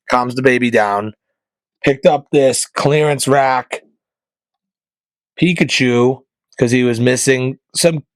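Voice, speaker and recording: Rambling deadpan podcast host, dry close mic. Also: male voice, medium pitch, no echo. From northeastern Pennsylvania. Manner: deadpan joking, rambling asides. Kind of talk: casual comedic monologue.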